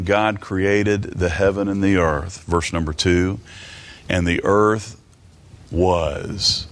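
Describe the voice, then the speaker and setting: A man teaching from the Bible in a sermon, halting and repeating words, slowing down for emphatic quotes of scripture. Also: sits low, a little hiss or hum. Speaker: preacher.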